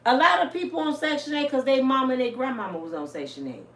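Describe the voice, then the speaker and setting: A woman in her fifties holds forth to her viewers, blunt, salty and full of storytelling energy. Her pitch leaps and dips as she talks. She sits a bit away from the mic in an echoey room with a faint hiss behind her. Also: animated, fast, fairly bright tone, distant mic. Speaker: vlogger. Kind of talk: casual monologue to viewers.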